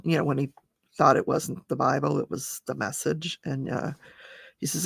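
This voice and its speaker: A woman's voice: low-pitched, expressive, moderate pace, vocal fry, breathy edge, no echo, clean studio sound. A woman hosting a channel, casually recapping a trial and reading call transcripts aloud with chatty asides. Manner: chatty, reads testimony in plain voice with asides. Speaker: true crime channel host.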